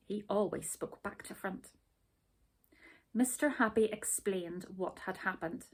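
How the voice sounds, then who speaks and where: A woman reading a children's story aloud, gentle and expressive. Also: medium pitch, measured pace.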